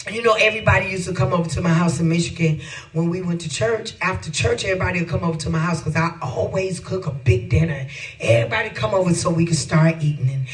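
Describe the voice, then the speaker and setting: High-voiced man in his fifties preaching. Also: distant mic, low-quality recording. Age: 50s. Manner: animated, folksy, chuckling asides to the congregation. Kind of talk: storytelling sermon.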